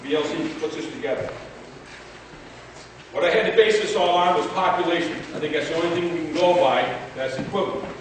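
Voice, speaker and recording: A man from Vermont speaks up at a town meeting and hammers his point home by repeating it. His voice sits fairly high for a man. He is heard from a distance in a very echoey hall, with noise audible underneath. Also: fairly quick. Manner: emphatic, repeating key points. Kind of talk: impassioned public comment. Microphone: room mic from afar.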